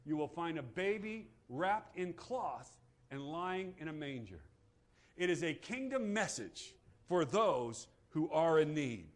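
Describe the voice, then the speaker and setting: A man preaching a sermon to his congregation, dropping to a hush and then rising to shouts, calling for amens. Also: a little high, sing-song, slow pace. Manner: dramatic preaching, swings from hushed to shouting; calls for amen from congregation. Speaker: pastor. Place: church sanctuary.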